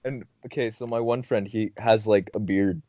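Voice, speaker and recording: A man's voice: fairly low pitch, normal speed, dry recording. Young man telling a story, dull lo-fi sound. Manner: animated, laughing, swearing often, acting out friends' lines. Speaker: podcast host. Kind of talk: casual storytelling. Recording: dull dry lo-fi recording.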